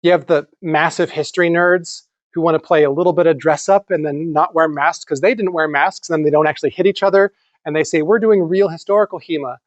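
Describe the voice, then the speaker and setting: A man giving a conference lecture in an animated, conversational way, with some casual swearing. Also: fairly high pitch, brisk, dry recording, highs cut off. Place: lecture room.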